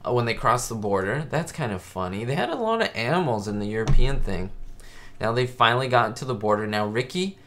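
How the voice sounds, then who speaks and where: Male live-stream host, casual and rambling, mid-pitched voice, heavy on "like" fillers. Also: fairly bright tone.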